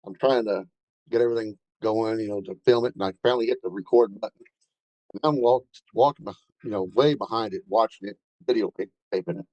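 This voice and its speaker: A man's voice: lowish voice, fast talker, dry recording, dull audio. A man telling a rambling first-hand story in a casual way, with many fillers and restarts. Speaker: bigfoot researcher telling an encounter.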